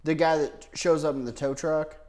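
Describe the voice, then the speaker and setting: A man's voice: fairly high pitch, little pitch movement, normal speed, a little mellow. A man co-hosting a comedy podcast in casual chat, joking, laughing often and swearing freely. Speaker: comedian and co-host.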